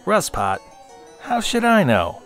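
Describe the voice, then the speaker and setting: A man's voice: sits high, huge pitch swings, slow pace, a bit bright, pitched above the performer's own voice, exaggerated voice. A man voicing a cocky, vain young pilot with a smug, brash way of talking, over background music.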